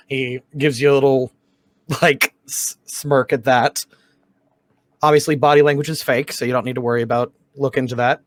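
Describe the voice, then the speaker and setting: A man's voice: medium pitch, normal speed, no echo. A man narrating a tabletop game as dungeon master, laughing often and putting on accents for the characters. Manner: laughs often, voices NPCs in shifting accents.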